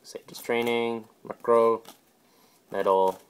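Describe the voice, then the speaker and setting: A man hosting a casual card-opening video. He rattles off card names one after another in short, offhand bursts and adds quick comments between them. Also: medium pitch, little pitch movement, slight background noise. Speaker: video host.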